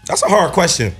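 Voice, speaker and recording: A man's voice: on the high side, fairly bright tone, husky. Joking young man hosting radio banter. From Gary, Indiana. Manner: loose, joking, profane banter. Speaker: co-host reading questions. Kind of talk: casual radio chat.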